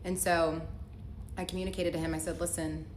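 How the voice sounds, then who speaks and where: In this casual story-time vlog, a young woman recounts a relationship in a lowish, level voice at a brisk pace. Her delivery is chatty and packed with "like" fillers, and she performs the quoted lines of dialogue herself. Faint noise and echo fill the room.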